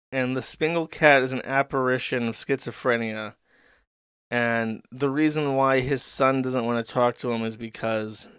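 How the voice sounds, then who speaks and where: A man hosting a show, giving rapid, deadpan, mocking commentary on internet content. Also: medium pitch, clear, resonant tone, dry recording, clean studio sound. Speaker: show host. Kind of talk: sardonic commentary on online content.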